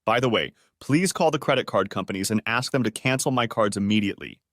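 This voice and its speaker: A man's voice: lowish voice, animated, fast, fairly bright tone, no echo, studio quality. A man reading as a pleading unfaithful wife. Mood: coaxing. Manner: pleading, tearful. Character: desperate cheating young wife, pleading.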